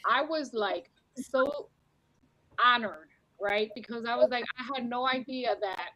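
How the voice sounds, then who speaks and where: Woman, emotional, heartfelt chat, higher voice, dry close sound. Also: very animated, unhurried, a bit bright, dry recording, low-quality recording. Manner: emotional, repeats herself. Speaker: podcast guest.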